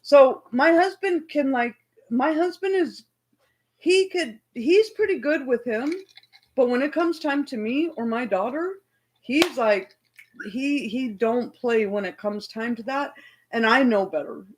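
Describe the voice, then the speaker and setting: A woman hosting a livestream, loudly and heatedly retelling an argument in casual talk. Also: high voice, measured pace, a little hiss or hum, rough recording. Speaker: livestream host.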